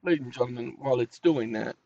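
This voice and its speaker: A man hosting his own channel, speaking to viewers in a folksy, animated way while dictating to a voice assistant and telling it to wake up. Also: mid-range voice, fast, gravelly, highs cut off. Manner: animated, scolding, commanding interjections; folksy, addresses audience as y'all. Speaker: channel host.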